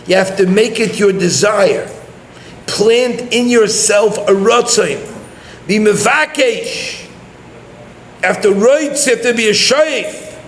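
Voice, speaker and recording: A man's voice: sits high, takes it slowly, reverberant, slight background noise. A male rabbi giving a Torah lecture, weaving Hebrew and Yiddish terms into English and questioning listeners directly.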